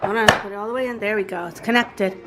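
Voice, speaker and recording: A woman's voice: medium pitch, fast, loud music behind the voice, poor audio. A thirty-year-old woman chatting to the camera in a casual home vlog, narrating her day and coaxing her toddler along. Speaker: vlogger and mother. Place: family home indoors.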